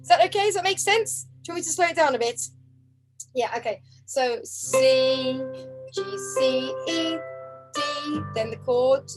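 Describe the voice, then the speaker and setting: A woman's voice: sits high, measured pace, over music, rough recording. A woman teaching a harp group over a video call, counting beats aloud and humming the tunes. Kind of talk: online group music lesson. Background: harp playing.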